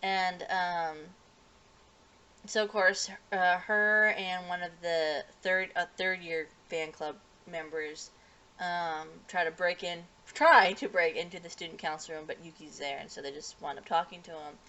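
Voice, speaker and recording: A woman's voice: fairly low pitch, fairly even intonation, unhurried, pushed and bright. A woman casually recapping a show's episode, rambling with many fillers and restarts. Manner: acts out characters' lines in livelier voices. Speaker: anime reviewer.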